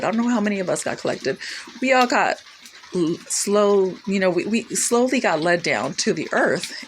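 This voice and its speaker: A woman with children giving a casual personal testimony about a dream, halting and full of fillers and restarts. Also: lowish voice, fairly bright tone, slight background noise, rough recording. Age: adult with children. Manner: hesitant, many fillers and restarts. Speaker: Christian vlogger sharing a dream.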